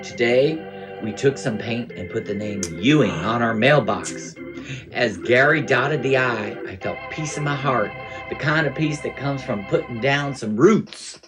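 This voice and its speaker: A man's voice: medium pitch, unhurried, music in the background, natural voice. A man putting on a wistful Southern housewife. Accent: Southern US, put on. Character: earnest hopeful Southern housewife writing her diary. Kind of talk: dramatic reading of a diary entry.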